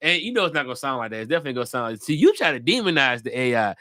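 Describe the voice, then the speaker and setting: A male comedian hosting a live podcast, loud and animated, swearing freely and riffing between jokes. His voice sits high with a bright, sharp edge. The sound is close and dry, with no room echo. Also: racing, few pauses. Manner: animated, profane, jumps into loud put-on voices. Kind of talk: casual live podcast chat.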